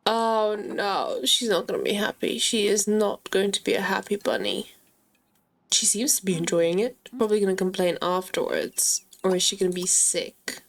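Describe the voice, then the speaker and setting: A woman giving chatty, excitable gameplay commentary and talking straight to her viewers. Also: mid-range voice. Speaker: gaming channel host.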